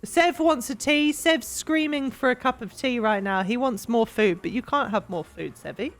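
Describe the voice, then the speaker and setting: A woman's voice: fairly high pitch, normal speed, soft background music. A young English woman streaming, chatting casually and rambling with lots of giggles while she cleans. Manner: bubbly and giggly, rambling with fillers.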